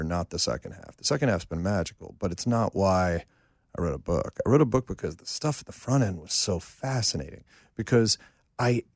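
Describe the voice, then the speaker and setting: A man in his fifties, a songwriter and producer, telling animated, self-deprecating stories in a casual interview. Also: sits low, no room sound, clean studio sound. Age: 50s. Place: home studio room.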